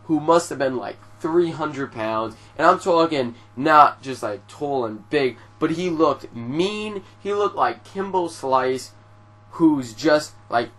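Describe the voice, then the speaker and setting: A young man telling a story to his viewers in a casual, animated way, swearing often and filling his talk with "like". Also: a little high, slow pace. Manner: profane, animated storytelling with frequent fillers. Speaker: vlogger.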